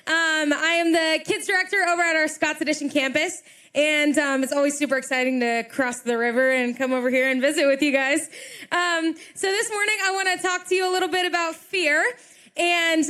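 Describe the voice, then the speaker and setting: Young woman preacher, high bright voice, chatty and self-deprecating, church stage mic. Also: steady tone, a little fast. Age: young adult. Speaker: children's ministry director. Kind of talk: sermon. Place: church auditorium.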